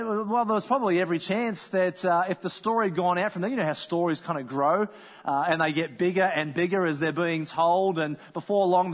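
A man's voice: high voice, in a large hall. A man preaching a sermon, telling a story in a conversational way and acting out the people in it. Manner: conversational storytelling, acts out voices. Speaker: pastor.

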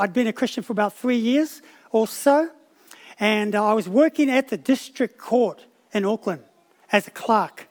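High-voiced New preacher. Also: male voice. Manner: storytelling, repeats words and restarts often. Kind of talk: sermon.

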